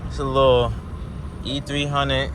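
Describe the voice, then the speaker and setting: A man's voice: mid-range voice, measured pace. Slangy young man vlogging from a car. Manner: slangy, talks straight to viewers, gets loud and excited when accelerating. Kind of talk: casual POV driving commentary. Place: inside a moving car. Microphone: camera mounted in car. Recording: faint road noise in car.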